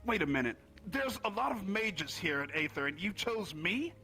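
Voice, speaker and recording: A man chats in character during a live roleplay stream, relaxed and joking, his voice bright and fairly high. Faint music plays underneath. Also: moderate pace. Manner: casual, laid-back, joking.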